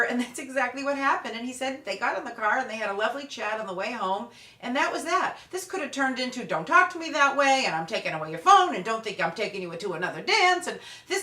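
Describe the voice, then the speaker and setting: Woman telling a parenting story, bright and roomy. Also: fairly high pitch. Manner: lively anecdotal storytelling. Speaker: parenting expert. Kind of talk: storytelling talk. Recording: echoey room.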